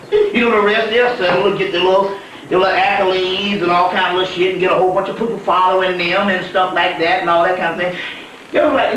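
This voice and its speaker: A man's voice: high voice, fast, fairly bright tone. A man telling a spiritual story as a teacher, in a profane, emphatic lecture with frequent laughter, recorded from across a very echoey room. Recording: echoey room from far off, faint noise.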